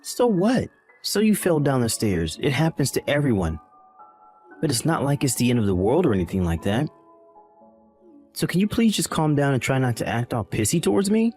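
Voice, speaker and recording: A man's voice: medium pitch, darkish tone, lightly acted. A man voicing a callous young husband in an acted text story, brushing things off with exasperated sighs.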